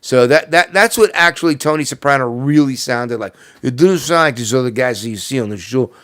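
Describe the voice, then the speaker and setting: A man's voice: medium pitch, animated, brisk, fairly bright tone. A man with a New Jersey accent co-hosting a casual show, joking and slipping into mock voices. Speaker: co-host. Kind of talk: casual podcast banter.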